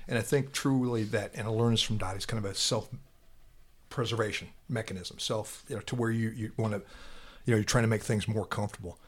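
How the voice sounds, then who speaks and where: Guy, lowish breathy voice, stops and restarts a lot telling a sad story. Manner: halting, repeats words, quiet and heavy then louder when animated. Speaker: interview guest, law enforcement officer. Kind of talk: emotional personal storytelling.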